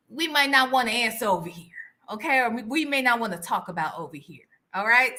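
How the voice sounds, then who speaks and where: A woman with a bright, forceful voice on the high side hosts a casual livestream, chatting and greeting viewers by name. She often ends lines with "all right?" and sometimes drops to a whisper for gossipy asides.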